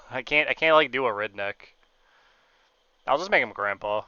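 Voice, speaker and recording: A man's voice: medium pitch, expressive, normal speed, sharp tone, clean tone, dry recording, lo-fi sound. A man streaming a game playthrough, chatting casually with muttered, self-mocking asides and frequent laughs.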